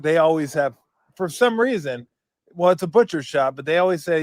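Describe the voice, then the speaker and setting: A man's voice: fairly high pitch, lively intonation, a little fast, dry recording, clean studio sound. A man hosting a casual sports talk show, laid-back and chuckling, drifting into rambling asides. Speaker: radio show host.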